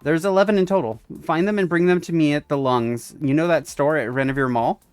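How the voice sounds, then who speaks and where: A man's voice: fairly high pitch, a little fast, clear, resonant tone, dry recording. A man streaming a story game, casually reading its dialogue aloud and chuckling between lines. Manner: reads game text aloud, chuckles often. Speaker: let's-play streamer. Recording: dry close mic, faint game music.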